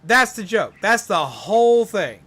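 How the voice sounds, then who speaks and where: Male streamer, casual storytelling, animated, bright tone, slightly high voice. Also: a little slow. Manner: animated, swings from loud to mumbling.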